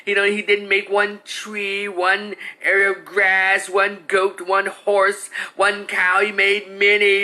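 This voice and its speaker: Brief: exasperated male commentator, blunt and profane, sharp and bright sound. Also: sits high. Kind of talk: heated opinion rant.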